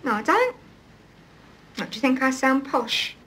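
Middle-aged woman, would-be posh, chirpy and coaxing; high, lively voice. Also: unhurried, exaggerated voice. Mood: indignant. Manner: chirpy, coaxing, sing-song. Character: prim chatty middle-aged woman trying to sound posh. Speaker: employer. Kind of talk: 1980s film drama acting.

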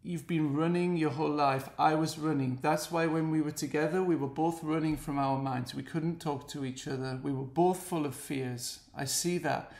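Man, English accent, gravelly, fairly high voice, earnest, pleading, echoey room. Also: fairly even intonation, moderate pace, hardly any pauses, darkish tone. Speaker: parent speaking to the camera. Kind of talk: personal video message.

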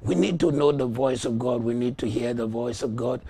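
A man preaching a sermon, slow and emphatic, rising to loud shouts when he acts out voices in a story. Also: mid-range voice, vocal fry, husky. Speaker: pastor.

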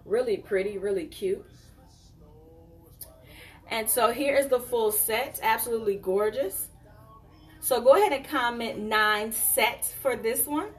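A woman hosts a live jewelry sale in a casual, chatty way. Her voice sits a little high for a woman. She talks to the viewers directly, calling them y'all and honey, and now and then drifts back from the camera mic. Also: unhurried, long pauses, distant mic, soft background music.

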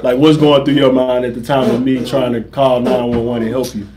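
Relaxed young man in casual chat. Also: medium pitch, brisk, background noise. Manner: relaxed, conversational, asks questions. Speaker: vlogger, father.

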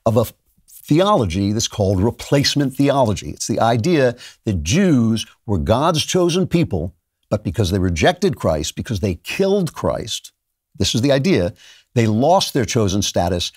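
A man's voice: lowish voice, very animated, normal speed, a little mellow, slightly rough, dry recording, studio quality. An older man hosting a show, delivering an emphatic opinion monologue in a lecturing manner. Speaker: show host.

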